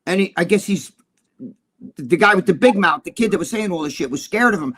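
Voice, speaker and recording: Profane, blunt co-host, a man, slightly high voice, dry close sound. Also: lively intonation, fairly quick, fairly bright tone, slightly rough, no room sound. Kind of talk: casual talk show chat.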